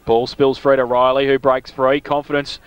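An Australian man calling football play-by-play on local radio, climbing in pitch as goals come. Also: level tone, normal speed, smooth, no echo. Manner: rises sharply in pitch when goals are kicked, laughs often. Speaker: play-by-play commentator. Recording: dull lo-fi broadcast sound.

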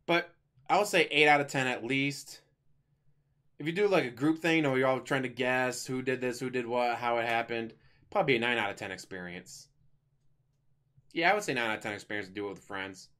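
A man talks through a movie review in a loose, rambling way, cracking small jokes as he goes. His voice sits at an ordinary middle pitch. He sounds like a casual reviewer chatting to his viewers. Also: lively intonation, normal speed, long pauses, fairly bright tone.

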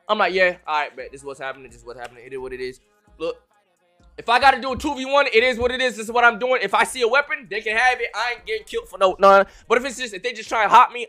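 A high, bright young man's voice, full of lively swings in pitch. He tells a story in loose slang and lurches from loud outbursts to low, hushed mutters. Soft music sits underneath. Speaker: streamer. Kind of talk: animated storytelling.

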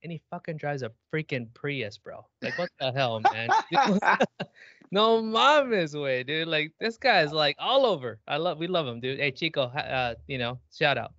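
A man co-hosting a podcast who jokes in an animated way and calls everyone dude and bro. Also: fairly high pitch, normal speed, no room sound. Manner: animated joking, says dude and bro a lot. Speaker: podcast co-host. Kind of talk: casual chat. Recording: dry, muffled lo-fi audio.

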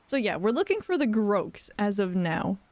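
A young woman live-streaming a game playthrough, playful and giggly, reacting out loud. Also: mid-range voice, big pitch swings, normal speed, a little hiss or hum.

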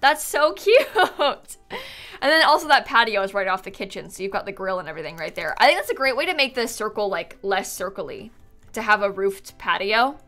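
Bright-voiced bubbly woman streamer. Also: mid-range voice, big pitch swings, moderate pace, soft background music. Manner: bubbly, chatty, many "like"s. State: sleepy, yawning. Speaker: streamer touring viewer builds. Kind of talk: casual live-stream chat.

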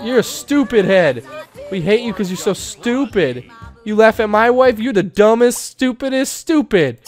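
A man's voice: high voice, lively intonation, unhurried, a little mellow, faint music behind, pitched above the performer's own voice. A man voicing a brash, trash-talking male mob boss who taunts a rival in swaggering slang. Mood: taunting.

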